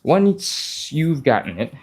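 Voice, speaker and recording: This stretching instructor's voice is on the high side, with big pitch swings and a slow pace. Leading a live class viewers can follow along with, he chats casually while exercising, grows a little breathless with sighs and exertion sounds, encourages everyone, and reads comments aloud.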